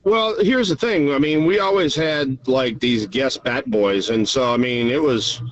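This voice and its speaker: A man's voice: mid-range voice, unhurried. A man, a guest telling a story in an easygoing drawl. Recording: dull lo-fi remote line.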